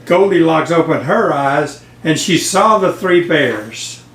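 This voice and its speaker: An older man reading a bedtime story to his grandchild, slow and gentle. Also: fairly high pitch, lively intonation. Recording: echoey room, voice off-mic.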